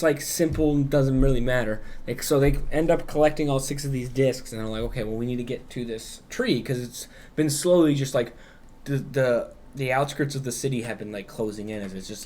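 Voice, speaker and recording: A man's voice: mid-range voice, darkish tone, slight background noise. A man co-hosting a podcast, loosely retelling a story in casual chat, swearing freely and acting out quotes. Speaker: podcast co-host.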